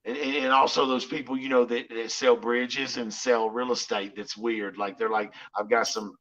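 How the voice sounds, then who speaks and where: A man's voice: mid-range voice, fairly even intonation, normal speed, a bit bright. A man with a Southern accent hosting a livestream, talking loosely and profanely and peppering his speech with "you know what I'm saying". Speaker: livestream host. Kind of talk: casual livestream chat. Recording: muffled lo-fi stream audio.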